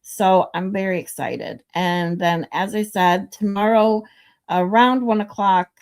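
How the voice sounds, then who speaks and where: A woman hosts a livestream in a casual, chatty way. Her voice sits at an ordinary middle pitch as she talks straight to her viewers. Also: measured pace, clean tone. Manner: chatty, flustered by tech trouble. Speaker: livestream host.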